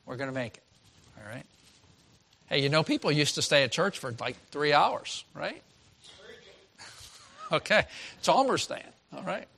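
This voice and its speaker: A man preaching a sermon as a pastor, reading scripture and swinging from loud exclaiming to hushed tones. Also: on the high side, lively intonation, takes it slowly, vocal fry, long pauses.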